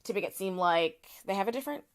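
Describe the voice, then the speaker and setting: A woman's voice: medium pitch, expressive, quick pace, smooth. A woman co-hosting a podcast, explaining a topic in casual chat with frequent restarts and fillers. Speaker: podcast co-host.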